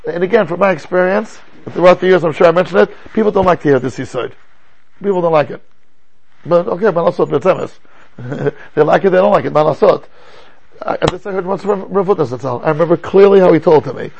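An older man teaching a class as a rabbi, lecturing in an animated way and asking rhetorical questions. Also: high-pitched, fast, gravelly, slightly rough, dull audio.

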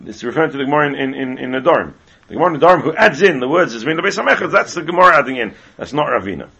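A man teaching a Talmud class at a brisk clip, often repeating himself as he explains. His voice is gravelly and a little husky. The recording is dull and lo-fi. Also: medium pitch, animated, bright, forceful tone. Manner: rapid, heavily repeats words while explaining.

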